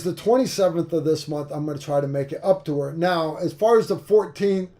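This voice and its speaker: Rambling male livestream host, mellow voice. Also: fairly high pitch, normal speed, hardly any pauses. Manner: rambling, frank, full of fillers and restarts. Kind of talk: casual livestream chat.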